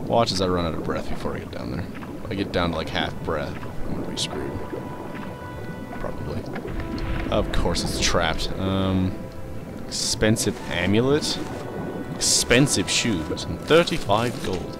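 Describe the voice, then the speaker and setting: A young man casually commentating his own gameplay, rambling, swearing and reacting loudly to what happens in the game. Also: low-pitched, unhurried, over music. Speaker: let's play host.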